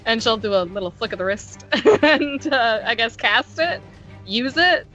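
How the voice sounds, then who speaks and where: A woman's voice: fairly high pitch, animated, a little slow, bright, forceful tone, lo-fi sound, soft background music. A woman playing a tabletop role-playing game, talking chattily with many fillers and frequent laughs. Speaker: player.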